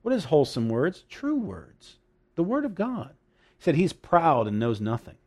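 Animated male preacher with lively pitch. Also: moderate pace. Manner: animated, laughing asides, dramatic emphasis. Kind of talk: sermon.

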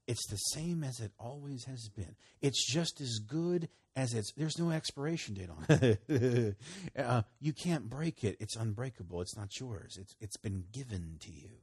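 Husky-voiced man preaching conversationally. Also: animated, normal speed. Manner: conversational, swinging between loud emphasis and low murmurs. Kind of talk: sermon teaching.

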